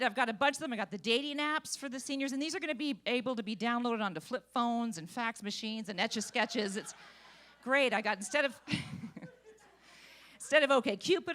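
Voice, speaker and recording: A woman's voice: on the high side, pushed and bright. A woman doing a stand-up comedy set on a comedy club stage, with a brash, bawdy, teasing delivery.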